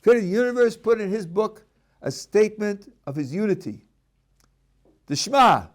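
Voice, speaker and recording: A man's voice: high voice, very animated, measured pace, pauses often. A middle-aged man, a rabbi, teaching a class: he reads a passage aloud and then explains it, with frequent restarts. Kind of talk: text-based lecture.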